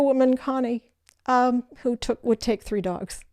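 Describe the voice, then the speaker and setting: An older woman, the guest in an interview, telling her life story in an animated way and acting out the voices of people in it. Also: on the high side, normal speed, few pauses, dry recording, studio quality. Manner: animated storyteller who acts out quoted voices.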